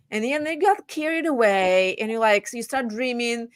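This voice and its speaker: High-voiced woman real estate agent, dry sound. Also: moderate pace, smooth, dry recording. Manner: animated, restarts often, voices her clients' lines. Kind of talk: casual chat.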